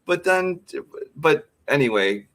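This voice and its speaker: A man co-hosting a movie podcast, offering measured, wry opinions and nudging his co-host along. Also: on the high side, animated, fairly bright tone. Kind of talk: casual movie review chat.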